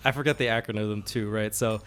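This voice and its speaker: A man's voice: on the low side, steady tone, brisk, clean tone. A man co-hosting a podcast, talking casually about tabletop role-playing in a rambling way, with many fillers, restarts and laughs. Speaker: podcast co-host.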